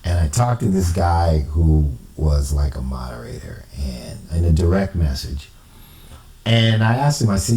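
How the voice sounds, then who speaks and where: Animated man telling his story in an echoey room. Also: low voice, unhurried, distant mic. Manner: emphatic, indignant, quotes others in exaggerated voices. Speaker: self-described amateur cipher investigator. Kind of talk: animated personal monologue.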